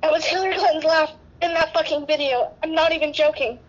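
A woman's voice: high-pitched, fairly even intonation, fast talker, highs cut off. A woman nurse, tearful and emotional, rambling through an interview with many restarts. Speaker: guest nurse.

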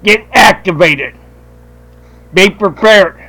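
Man, talk radio host, high voice, combative, swearing, loud rant. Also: unhurried, low-quality recording.

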